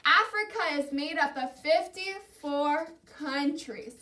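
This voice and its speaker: Bright, high-voiced teacher leading a repeat-after-me drill. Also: female voice. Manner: says each word slowly and has the class repeat it. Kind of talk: classroom lesson, call-and-response vocabulary drill.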